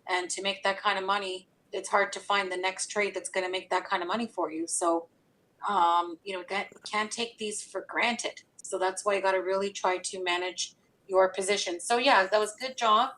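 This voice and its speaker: A woman's voice: mid-range voice, steady tone, moderate pace, a bit bright, poor audio. A woman hosting a trading show, talking in a chatty way with lots of "you know" fillers. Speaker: stock trading show host. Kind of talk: casual market commentary.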